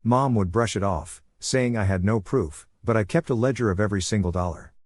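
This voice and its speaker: A man giving a steady, scripted narration of a story. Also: lowish voice, a little fast, dry recording, studio quality.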